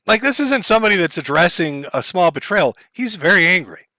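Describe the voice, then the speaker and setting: A man commentator explains a clip to his chat in a measured way, with fillers. His voice is bright and fairly high. The sound is dry and close. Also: very animated, no echo.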